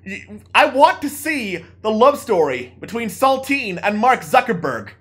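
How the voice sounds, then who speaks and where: A man's voice: very high-pitched, big pitch swings, a little slow, fairly bright tone. A man streaming a text adventure, narrating playfully to chat in a mock-dramatic way.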